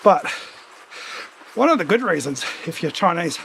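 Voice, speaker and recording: A man's voice: fairly high pitch, sing-song, moderate pace, creaky, a bit bright, a little hiss or hum, rough recording. A man with a runny nose from a cold, chatting casually and rambling with asides while riding on a home trainer as a stream host. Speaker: streamer hosting a cycling ride-along.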